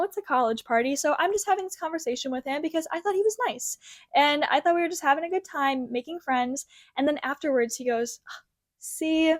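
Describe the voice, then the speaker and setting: Chatty young woman, bright voice. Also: sits high, dry recording. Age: young adult. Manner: chatty, animated storyteller with frequent fillers. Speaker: crochet pattern designer. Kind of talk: casual chat to camera. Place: childhood bedroom.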